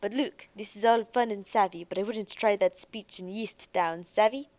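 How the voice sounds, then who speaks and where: Woman putting on a brash young street guy, loud and high, all slang and cheer. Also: normal speed, no room sound, close to an everyday voice. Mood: hushed warning. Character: brash cheerful young slang-talking male city dweller.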